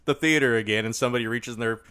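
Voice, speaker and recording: A man's voice: medium pitch, rapid-fire, bright, forceful tone, smooth. A man hosting a podcast in casual chat, laughing often and teasing his guests. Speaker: podcast host.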